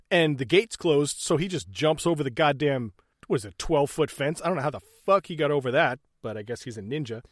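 A fast-talking, expressive male co-host walks through movie scenes on a casual recap podcast. He's profane and jokey, acting out characters in high, goofy voices. The studio recording has no room sound.

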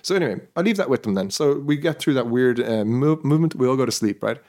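A man on a podcast talks fast and at an ordinary middle pitch. He rambles through a long story in a casual chat and keeps checking in with his listeners. The sound is a clean podcast mic. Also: expressive, darkish tone. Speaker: podcast host.

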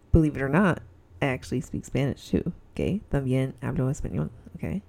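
Her voice is deep, gravelly, warm and slightly rough as this Southern Californian woman hosts a solo podcast from home, a heater running nearby. She rambles in a giggly way with many fillers and notes that she thinks her voice sounds snobby.

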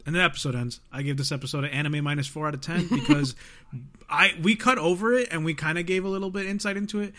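A man's voice: fairly high pitch, quick pace, sharp tone. A young man casually recapping anime episodes, rambling, swearing and acting out lines of dialogue. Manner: rambling storyteller, swears freely, acts out quotes. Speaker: podcast co-host recapping an anime. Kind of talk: casual chat.

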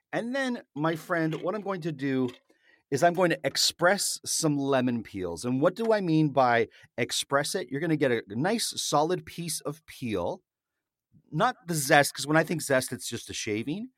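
A man with a medium-pitched voice hosts a cocktail-making show, chatting casually as he mixes a drink and explains each step. There is no echo on the recording.

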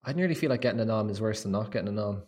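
A man's voice: fairly low pitch, animated, very fast, darkish tone. A man co-hosting a film podcast, teasing and playfully contrarian in casual chat. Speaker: podcast co-host.

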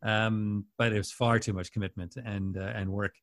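A man's voice: on the low side, moderate pace. A man in casual conversation as a radio host, telling anecdotes with lots of laughter. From Canada. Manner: animated storyteller, laughs often. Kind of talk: casual chat.

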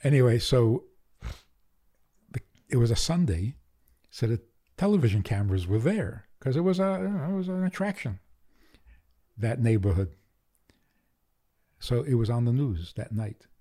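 An older man speaks as a rabbi guest in an interview. His voice is mellow and dark, and his humor is wry and deadpan. Now and then he lifts into an animated storytelling tone. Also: medium pitch, moderate pace, long pauses. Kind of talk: interview conversation.

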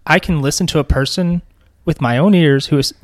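A relaxed co-host in casual chat, asking questions and sharing trivia. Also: mid-range voice, fairly quick, no room sound, clean studio sound. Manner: relaxed, conversational, asks questions.

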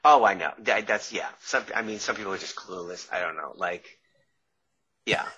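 Male guest with a New York accent, husky bright tone, chatty and self-interrupting; muffled lo-fi audio. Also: deep voice, moderate pace. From Long Island, New York. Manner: rambling, self-interrupting, laughs through stories. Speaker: guest, author and former caterer. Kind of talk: casual storytelling interview. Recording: dull lo-fi sound.

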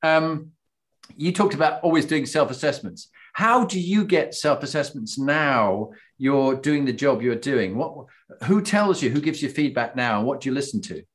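Animated man telling stories. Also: medium pitch, moderate pace. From Britain. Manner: lively anecdotal storyteller, acts out voices, laughs often. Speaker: podcast host, former army officer. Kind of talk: conversational interview, animated storytelling.

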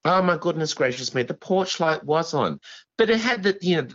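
Rambling man, wildly varying pitch. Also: animated, a bit bright, lo-fi sound. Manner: rambling, halting, full of restarts and "you know". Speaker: guest. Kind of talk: storytelling in an interview.

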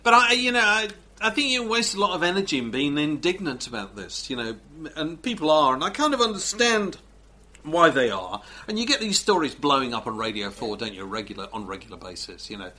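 A male presenter telling anecdotes in easy, rambling chat. His pitch rises and falls a lot, and his tone is bright and a little high. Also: sing-song, brisk. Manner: chatty storyteller, lots of "you know". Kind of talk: casual chat.

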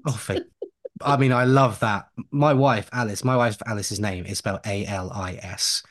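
A man with a lowish voice, talking at home in a relaxed podcast chat. He rambles and drifts off on tangents, with laughing asides along the way. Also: normal speed. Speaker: podcast co-host.

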